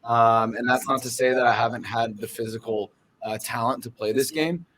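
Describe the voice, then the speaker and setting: A man's voice: medium pitch, fairly even intonation, moderate pace, a bit bright, a little hiss or hum, rough recording. A young man from Southern California, a professional baseball catcher, answering questions earnestly in a casual podcast interview, with lots of fillers and restarts.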